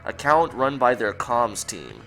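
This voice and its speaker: A man's voice: medium pitch, huge pitch swings, measured pace, vocal fry, fairly bright tone, faint music behind. A young man co-hosting a casual chat, joking and laughing often. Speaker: podcast co-host.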